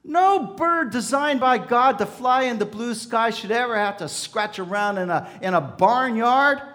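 A preacher voicing an earnest, emphatic farm visitor. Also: male voice, very high voice, animated, unhurried, fairly bright tone, pitched above the performer's own voice, exaggerated voice. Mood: indignant.

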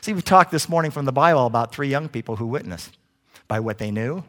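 A male preacher telling a story from the pulpit, his pitch rising and falling with the tale. His delivery is animated and expressive, and his voice sits at a middle pitch. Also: fairly quick. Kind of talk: sermon storytelling.

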